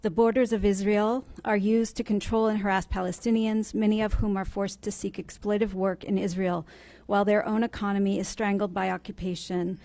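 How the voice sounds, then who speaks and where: A woman at a county meeting reads her public comment in a steady, measured way. Her pitch sits in the middle of the range.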